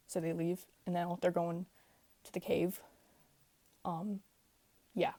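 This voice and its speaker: A hoarse woman hosting a casual podcast, speaking quietly at home with lots of fillers as she recaps a story. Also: on the low side, little pitch movement, slow, long pauses, no room sound. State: hoarse, tired voice. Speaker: podcast host. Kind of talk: casual rambling recap rant. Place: home room.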